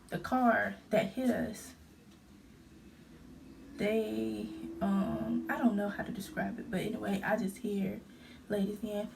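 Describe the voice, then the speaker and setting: Young woman fighting back tears, gravelly. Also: medium pitch, a little mellow, far from the mic, a little hiss or hum. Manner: halting, emotional retelling, full of fillers. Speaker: vlogger. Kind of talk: storytime vlog.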